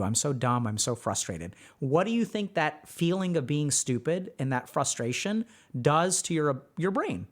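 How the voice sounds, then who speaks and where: A man hosting a livestream as a mental health coach, talking through advice in an animated way full of rhetorical questions and a frequent "right?". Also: mid-range voice.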